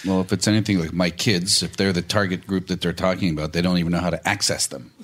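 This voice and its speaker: A man on a comedy quiz panel, telling goofy, animated stories about parenting and phones. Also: sits low, fast talker. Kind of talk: improvised comedy banter.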